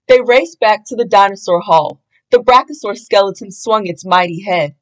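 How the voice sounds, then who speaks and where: A woman reading a children's storybook aloud in an expressive, sing-song way. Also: mid-range voice, normal speed, low-quality recording. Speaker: storybook reader.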